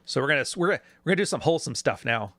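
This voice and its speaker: Racing along in a slightly high voice, this man is a YouTube commentator reacting to video clips. His commentary is casual, sarcastic and animated, and he often puts on mocking voices when quoting.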